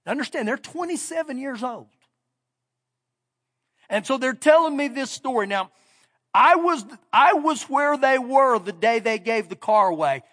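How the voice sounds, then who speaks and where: A man's voice: extremely high pitch, a bit bright. A middle-aged man preaching a sermon, telling stories in a folksy way and building to emphatic points. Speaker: pastor. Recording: long reverb of a big hall.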